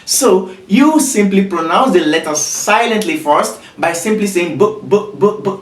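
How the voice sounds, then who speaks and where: In a slow beginner lesson, a patient Arabic teacher says each letter sound over and over, with a medium-pitched voice that moves up and down lively. The voice sits away from the mic, with a roomy echo around it.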